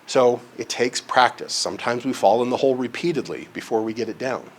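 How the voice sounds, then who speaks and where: A man's voice: mid-range voice, a little fast, husky. A man giving a live presentation in a conference room, talking conversationally, often checking in with his listeners and using homely examples and self-deprecating humor. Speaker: presenter on relationships and counseling.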